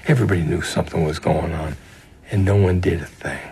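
An actor playing a gruff newspaperman with a Boston accent, talking low and urgent, from a film. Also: steady tone, fast, warm tone, a little hiss or hum, natural voice.

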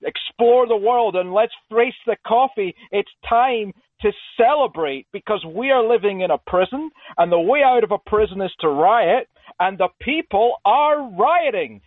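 A man's voice: high-pitched, lively intonation, normal speed, no room sound. A man calling in to a radio show, speaking earnestly and politely. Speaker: caller. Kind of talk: call-in on radio. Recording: tinny phone line.

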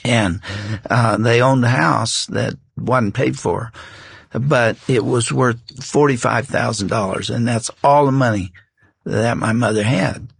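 An older man telling a personal faith story as a talk show guest, unhurried and reflective, pausing on fillers. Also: medium pitch, creaky, breathy edge, no echo.

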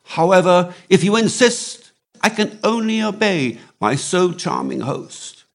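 A man's voice: sits high, animated, unhurried, creaky, voice pushed up, exaggerated voice. A man doing an indignant count. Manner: gesticulating, indignant protests. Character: excitable older French count, indignant and theatrical.

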